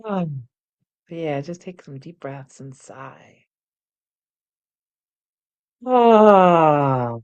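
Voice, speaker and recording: A woman's voice: low voice, takes it slowly, dark tone, highs cut off. A woman who is a singing teacher and hosts the show, leading a somatic exercise lesson from a chair on camera. She is playful, laughs often and demonstrates the exercises with vocal sounds. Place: seated in a chair at home studio, on camera.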